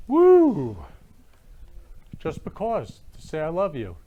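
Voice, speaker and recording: A man hosts a talk show, effusive and emotional. He often breaks into loud exclamations, and his voice sits a little high for a man. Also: lively intonation, normal speed. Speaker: show host. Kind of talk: effusive casual chat.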